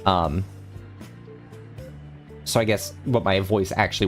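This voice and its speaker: A young man streaming, telling an anecdote in casual chat with a rambling, animated delivery. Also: deep voice, slow, faint music behind. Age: young adult. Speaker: streamer host.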